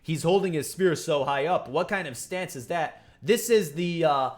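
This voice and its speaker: A man hosting a casual reaction show, reading aloud and commenting in an excitable, profane way, with faint music behind him. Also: fairly high pitch, unhurried, few pauses. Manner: excitable and profane, laughs along. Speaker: manga reaction host.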